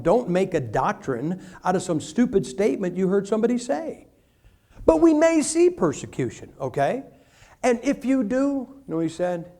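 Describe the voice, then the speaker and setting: A man preaching a sermon, telling stories with humor and acting out quick asides. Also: a little high. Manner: humorous, animated storytelling with acted asides.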